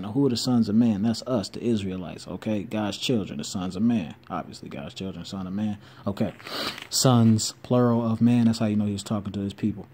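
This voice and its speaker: A man giving an informal bible teaching, reading verses slowly and then explaining them with quick asides and self-corrections. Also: on the low side, mellow. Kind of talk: informal scripture teaching video.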